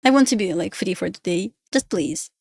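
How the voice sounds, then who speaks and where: A woman's voice: medium pitch, fast talker, gravelly, darkish tone. A young woman with a Russian accent chatting on a live trading stream, pleading with the chart and laughing often. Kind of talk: casual live-stream chat.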